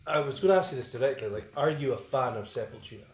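A man in his forties talks music in a casual, eager way, often jumping in to finish his partner's thoughts. His voice sits in an ordinary middle pitch. The room around him sounds roomy. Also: quick pace. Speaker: podcast co-host. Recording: roomy recording.

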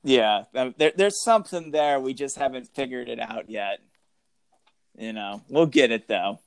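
A man's voice: a little slow, gravelly, clean tone, dry recording, studio quality. A man co-hosting a comedic podcast, reading a book aloud and riffing with jokes. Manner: jokey, breaks into high laughs and silly voices. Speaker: podcast co-host. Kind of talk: comedic read-along chat.

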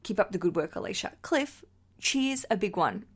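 A woman's voice: mid-range voice, wildly swooping pitch, moderate pace, breathy edge. An Australian woman, likely in her thirties, hosting a wedding podcast in a bubbly, chatty way, laughing often and swearing casually as she reads listener messages.

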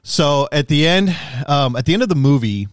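A young man in casual chat, excitedly retelling a movie scene with lots of fillers and restarts. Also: fairly high pitch, moderate pace, clean tone, no echo, studio quality. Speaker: podcast co-host.

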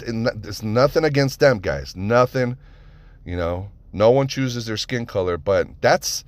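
A man hosting a podcast, telling stories in a casual monologue, animated and profane, with lots of rhetorical questions. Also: on the low side, dry recording. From United States (Nevada). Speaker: podcast host.

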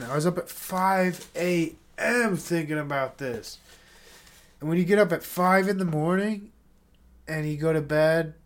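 A congested man hosting his own podcast, rambling in a casual solo monologue, self-critical and swearing often. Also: on the high side. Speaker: podcast host.

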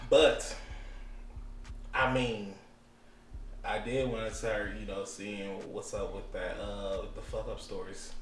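A man's voice: fairly low pitch, slow, long pauses, roomy sound, recorded from a distance, slight background noise. A man co-hosting a casual podcast chat, telling stories with lots of feeling and acting out scenes. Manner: animated storyteller, acts out movie scenes. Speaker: podcast co-host.

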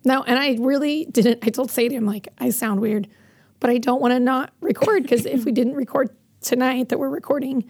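A woman podcast co-host talking in a casual chat with a hoarse, strained voice, rambling with many fillers. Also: high voice, steady tone, fairly quick, a little mellow, no echo. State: hoarse, strained voice after losing it.

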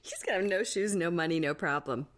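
A young woman co-hosting a casual recap podcast, animated and laughing often. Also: fairly low pitch, fast. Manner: animated, laughing, mimics people she talks about. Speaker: podcast co-host.

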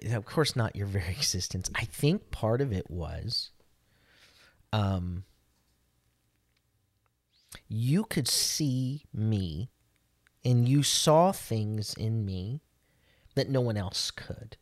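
A man's voice: fairly low pitch, takes it slowly, long pauses. A man co-hosting a podcast, telling a story in casual chat and acting out what people said. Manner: animated storyteller, acts out quotes. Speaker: podcast co-host.

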